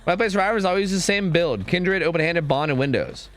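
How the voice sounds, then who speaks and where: A man streaming a game, chatting excitedly and swearing as he talks to his teammates and viewers. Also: on the high side, fast talker. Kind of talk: live gameplay commentary.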